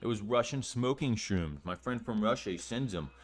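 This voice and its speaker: A man's voice: fairly low pitch, animated, moderate pace. A young man quoting teenage friends in an offhand, shrugging tone. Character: offhand teenage boys explaining the bowl.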